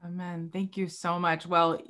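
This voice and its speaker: In this conversation, a young female guest narrates a personal experience vividly. She slips into other people's voices as she quotes them, making large pitch leaps.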